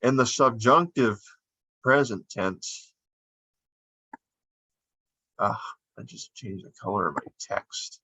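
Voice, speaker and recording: A man's voice: medium pitch, slow pace, long pauses, pushed and bright, breathy edge, no room sound. A man teaching verb forms in a screen-recorded lesson, explaining unhurriedly as he draws on screen. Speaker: Spanish teacher. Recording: dull lo-fi dry sound.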